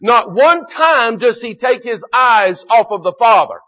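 A man preaching a sermon, moving between quiet solemn scripture reading and loud fervent exhortation. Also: extremely high pitch, animated, measured pace, lo-fi sound. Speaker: pastor.

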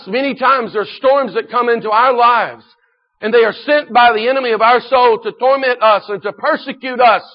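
A man preaching a sermon in an earnest manner, slowing down to stress key points and often clearing his throat. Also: sits high. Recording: dull lo-fi recording.

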